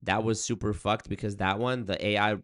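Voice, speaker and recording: Deep-voiced man streaming casually. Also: steady tone, brisk, a bit bright, clear, resonant tone. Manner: loose, rambling, profane. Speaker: streamer reacting to chat. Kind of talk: casual livestream chat.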